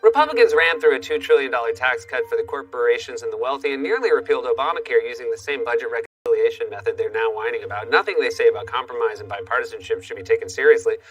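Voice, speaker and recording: Late-night comic host, quick and bright, sarcastic monologue, faint music under. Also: male voice, medium pitch, animated, breathy edge, distant mic, rough recording. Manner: sarcastic, punchy delivery. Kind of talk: comedy monologue.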